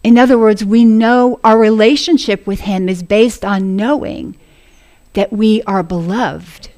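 A woman's voice: medium pitch, fairly even intonation, a little slow, darkish tone. A woman preaching a sermon to a congregation, earnest and laughing often as she speaks.

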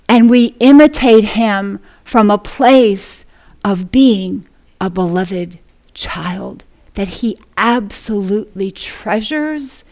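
A woman's voice: medium pitch, dark tone. A woman preaching a sermon to a congregation, earnest and laughing often as she speaks.

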